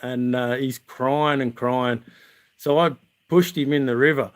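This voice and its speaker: A man's voice: mid-range voice, fairly even intonation, measured pace. Laughing Australian man telling camp stories. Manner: chatty, laughs through funny stories. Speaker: channel host. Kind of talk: casual livestream storytelling. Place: outdoors at night.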